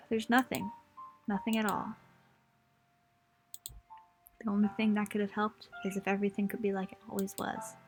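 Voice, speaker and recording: A young woman voicing a sad, self-blaming teenage girl, reading game dialogue aloud in a soft, halting way. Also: mid-range voice, little pitch movement, faint music behind, lightly acted.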